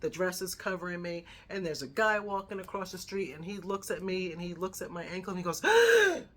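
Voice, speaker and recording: A woman in her fifties telling a personal story in a chatty, animated way, often checking in with "right?". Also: lowish voice, a little fast. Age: 50s. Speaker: lifestyle vlogger.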